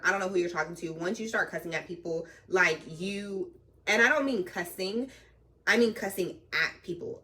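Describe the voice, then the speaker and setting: Young woman, casual storytelling, lively and cussing, low voice, mic a little far off. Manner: animated, acts out both sides of the argument, swears. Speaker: trucking vlogger.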